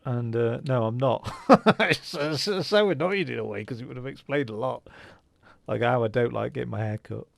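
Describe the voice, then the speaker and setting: A man's voice: mid-range voice, normal speed, vocal fry, no room sound. A man giving casual, rambling commentary while playing a game, with lots of fillers and restarts. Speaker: gaming channel host. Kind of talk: casual let's-play commentary.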